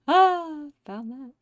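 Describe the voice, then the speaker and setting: A woman streamer chatting casually with her viewers, animated and profane, laughing often and acting out quotes in squeaky voices. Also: no echo.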